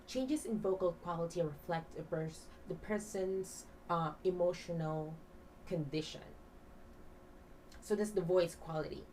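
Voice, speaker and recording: Female teacher, low-pitched, patient classroom explainer with fillers; faint background noise. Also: a little slow, a little mellow, recorded from a distance, poor audio. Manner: explains with many fillers, has class repeat words; breathy half-whisper when demonstrating. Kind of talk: demo teaching lesson.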